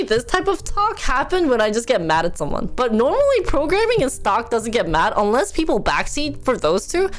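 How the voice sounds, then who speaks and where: A young woman streamer chatting casually with her viewers, ranting with animation, laughing often and mimicking other people. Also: on the high side.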